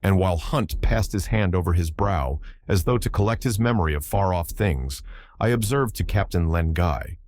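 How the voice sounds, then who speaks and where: A man narrating a classic adventure audiobook in a measured, formal storytelling manner. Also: low voice, expressive, darkish tone, dry recording. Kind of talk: scripted narration.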